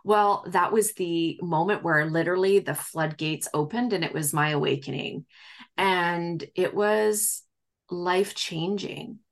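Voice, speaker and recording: A woman's voice: lowish voice, unhurried. Chatty woman telling her story. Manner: chatty, acts out quoted dialogue, many fillers. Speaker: guest medium. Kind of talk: casual storytelling in a podcast interview.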